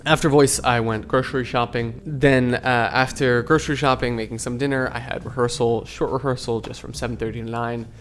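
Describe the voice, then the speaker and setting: A man's voice: medium pitch, steady tone, brisk, few pauses, soft background music. A young man from Seattle, an acting student, narrating his week in a chatty, upbeat vlog. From Seattle, USA.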